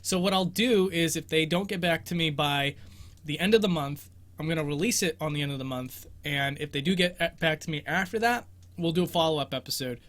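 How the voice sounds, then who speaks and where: A young man with a bright, forward voice pitched a little high hosts a relaxed live Q&A from his bedroom. He rambles through guesses, pokes fun at himself, and laughs easily as he answers viewers. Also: a little fast. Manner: rambling, self-deprecating, laughs often. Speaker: host of a game exploration show. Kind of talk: casual livestream Q&A commentary.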